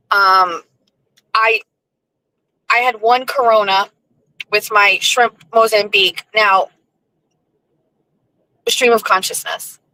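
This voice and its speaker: A woman hosting her show, telling stories in a chatty, animated way. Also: medium pitch, dry recording, low-quality recording. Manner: chatty, animated, with lively acted-out quotes. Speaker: host. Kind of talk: casual storytelling monologue.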